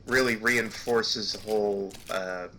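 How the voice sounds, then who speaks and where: A man's voice: on the low side, fairly even intonation, slow pace, bright, forceful tone, a little hiss or hum. A young man commenting casually on a video game, hesitant with lots of ums and uhs. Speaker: let's play commentator.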